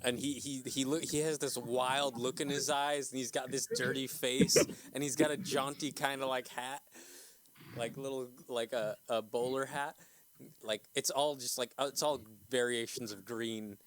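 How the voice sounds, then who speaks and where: A man's voice: mid-range voice, steady tone, normal speed. A man narrating as game master of a tabletop game, loose and profane, laughing often and filling with "like" and "uh".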